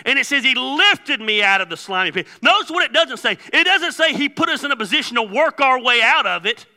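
Male pastor, storytelling sermon, bursts of shouting, long hall reverb. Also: extremely high pitch, brisk. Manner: joking storyteller, animated with sudden loud outbursts. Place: church sanctuary.

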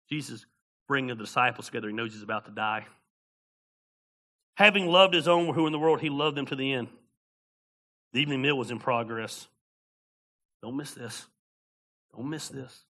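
Bright-voiced preacher, loud to hushed. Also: male voice, medium pitch. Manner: swings between loud preaching and quiet storytelling. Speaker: pastor. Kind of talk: sermon.

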